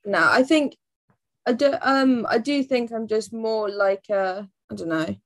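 A woman's voice: on the high side, measured pace. Blunt, sweary woman. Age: 20s. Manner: blunt, grumpy humour, sweary. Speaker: guest. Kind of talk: casual chat.

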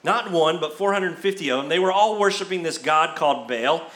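A man preaching a sermon as pastor, telling the story in a lively, conversational way. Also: fairly high pitch, a little fast, reverberant. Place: church.

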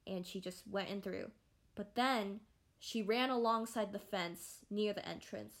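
A young adult woman hosting a casual podcast, talking in a rambling, animated way with many fillers and restarts. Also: mid-range voice, measured pace. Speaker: podcast host. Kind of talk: casual solo podcast chat.

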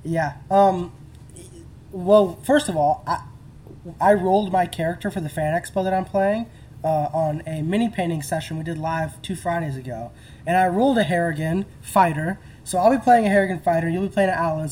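A podcast host in casual chat, relaxed and interested. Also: medium pitch, fairly quick, a little hiss or hum.

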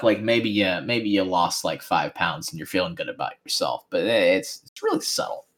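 A man narrating as game master of a tabletop game, relaxed and rambling with lots of fillers. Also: low voice, normal speed, hardly any pauses.

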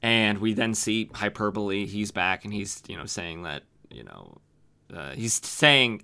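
A man's voice: on the low side, unhurried, pushed and bright, clear, resonant tone. A man hosting a podcast who recaps old comic books casually, rambling with lots of fillers. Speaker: podcast host.

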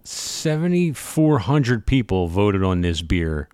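Lively-voiced man teasing in casual chat. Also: on the low side, slow, smooth, no room sound, clean studio sound. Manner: playful, teasing, mock-fancy. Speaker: podcast co-host. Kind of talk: casual chat over beers.

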